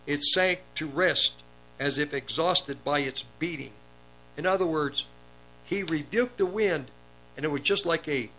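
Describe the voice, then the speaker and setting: A man's voice: a little high, fairly bright tone, a little hiss or hum, rough recording. A man preaching a sermon, reading scripture aloud and explaining it, lifting his voice on the quoted commands. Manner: reads verses then comments, raises voice on commands.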